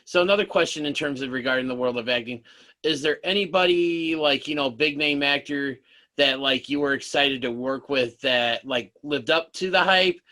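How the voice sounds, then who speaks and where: A man's voice: medium pitch, moderate pace, sharp tone. A man hosting a casual interview, asking questions politely and apologizing when he interrupts. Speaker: host.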